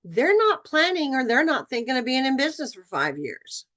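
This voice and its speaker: A woman's voice: high voice, big pitch swings, moderate pace, fairly bright tone. A middle-aged woman leading a training session for real estate agents, talking casually and acting out bits of client dialogue. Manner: conversational, acts out client dialogue.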